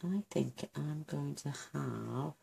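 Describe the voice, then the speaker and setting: A woman's voice: low-pitched, takes it slowly, creaky, warm tone, slight background noise. A woman hosting a card-making tutorial, chatting casually and gushing over her work as she thinks aloud. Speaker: craft channel host.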